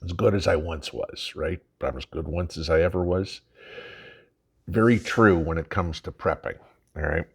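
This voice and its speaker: An older man from Chicago with a Chicago accent hosts a prepping channel, talking straight to camera in a folksy, chatty monologue and checking in with the viewer again and again. His voice is deep and slightly rough, and he speaks at a moderate pace.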